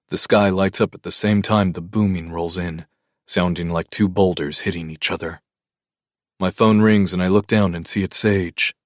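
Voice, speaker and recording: Male audiobook narrator, deep and even, dry close-miked studio read. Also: no room sound. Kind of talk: first-person audiobook narration.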